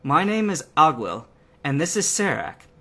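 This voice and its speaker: A man voicing a courteous, gentle flute player. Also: a little high, sing-song, moderate pace, heavily acted. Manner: polite and gentle.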